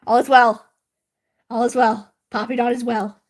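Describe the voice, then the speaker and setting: A woman livestreaming and chatting casually with her viewers, excitable and swearing, shrieking when worked up. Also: on the high side, moderate pace.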